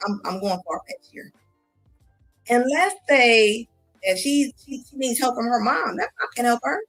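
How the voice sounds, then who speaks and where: A woman's voice: a little high, animated, measured pace, a bit bright, soft background music. Blunt, mocking woman streamer. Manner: blunt, mocking, laughs often. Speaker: commentary streamer. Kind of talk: casual reaction commentary.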